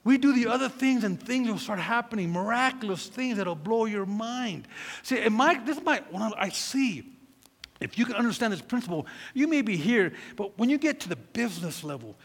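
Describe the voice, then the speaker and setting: Gravelly preacher in a reverberant hall. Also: male voice, high-pitched, lively intonation, moderate pace. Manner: storytelling, acts out quotes, swings from loud to hushed. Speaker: pastor. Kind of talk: preaching a sermon with a personal story.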